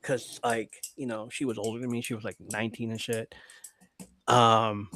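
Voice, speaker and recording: A man's voice: fairly low pitch, moderate pace. A man hosting a live podcast, swearing freely as he tells family stories and reads viewer comments aloud in casual chat. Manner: profane, animated retelling of family stories. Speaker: podcast host.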